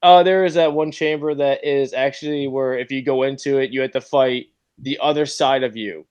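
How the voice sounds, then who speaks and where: A man's voice: medium pitch, fairly even intonation, normal speed, a little mellow, clear, resonant tone. A man on a casual podcast, recapping a film in a rambling, hesitant way full of fillers.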